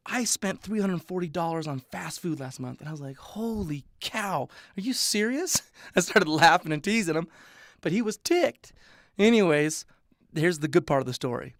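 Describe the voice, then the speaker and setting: A man's voice: on the high side, no room sound, studio quality. A man giving an upbeat, conversational sales presentation, throwing rhetorical questions at his audience. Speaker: business opportunity presenter.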